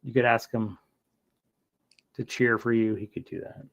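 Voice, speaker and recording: A man's voice: lowish voice, moderate pace, gravelly, highs cut off. A man hosting a casual livestream chat, telling rambling stories and laughing often. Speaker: streamer.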